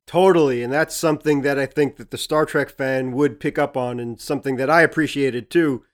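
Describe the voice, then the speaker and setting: A man co-hosting a casual podcast discussion, giving measured, agreeable replies. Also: mid-range voice, fairly even intonation. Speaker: podcast co-host.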